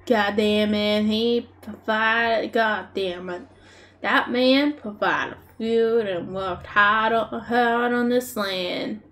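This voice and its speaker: A woman putting on a gruff, swearing male Australian bushman with a broad rural Australian accent, grumbling slowly. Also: fairly even intonation, fairly bright tone. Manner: slow, low grumbling curses.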